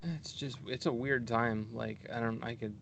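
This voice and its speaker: A man's voice: medium pitch, moderate pace, gravelly, a bit bright. A man making blunt, offhand remarks on a sports podcast. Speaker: podcast co-host. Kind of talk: casual chat.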